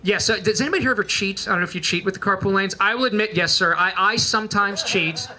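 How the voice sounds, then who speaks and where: A man from Israel doing a stand-up comedy routine in quick, punchy bursts. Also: high-pitched, sharp tone. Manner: quick punchy joke delivery.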